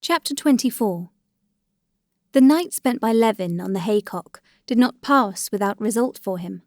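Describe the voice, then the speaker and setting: A woman narrating a classic novel in a steady, measured reading voice. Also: a little high, no room sound, clean studio sound. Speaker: audiobook narrator. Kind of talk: scripted narration.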